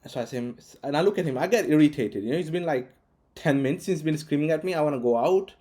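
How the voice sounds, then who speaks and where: A man's voice: on the high side, animated, quick pace, mellow. A man vlogging, telling a personal story casually with many restarts and fillers. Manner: rambling, frequent restarts and fillers.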